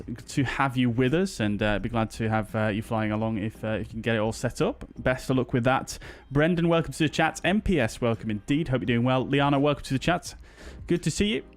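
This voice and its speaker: A British man streaming a flight simulator, chatting casually and greeting his viewers one by one with plenty of ums and uhs. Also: medium pitch. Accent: British English. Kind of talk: casual live-stream chat.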